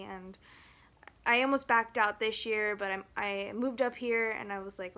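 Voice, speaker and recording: A woman vlogging to a phone camera, rambling and halting with nervous laughs, emotional and near tears. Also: on the high side, a bit bright. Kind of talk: casual talk to camera.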